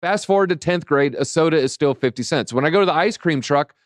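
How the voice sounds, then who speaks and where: A man's voice: fairly high pitch, quick pace, no echo, studio quality. Jokey man co-hosting a crypto stream. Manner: jokey, animated storytelling. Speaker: crypto show co-host. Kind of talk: casual livestream market chat.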